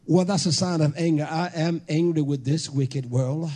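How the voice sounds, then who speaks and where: A man preaching a fiery sermon to a congregation, hollering and emphatic, with bursts of shouting. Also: a little high, normal speed.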